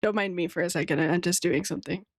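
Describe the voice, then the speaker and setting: A woman's voice: on the low side, quick pace, dry recording, studio quality. A woman streamer chatting casually with her chat while she draws, playful and teasing, laughing often.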